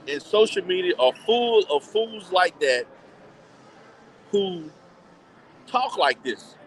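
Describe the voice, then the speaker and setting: Male vlogger, high-pitched, blunt and animated, casual phone live chat with faint background noise. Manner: blunt, animated, laughs often, repeats words. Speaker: vlogger chatting with live viewers. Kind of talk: casual live-stream chat while shopping. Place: indoor shopping mall.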